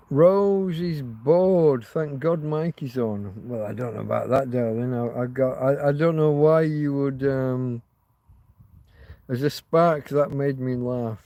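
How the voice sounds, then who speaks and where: A man's voice: medium pitch, measured pace, mellow, no room sound. A man hosting a casual livestream, rambling, swearing freely and reading out viewer comments. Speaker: livestream host.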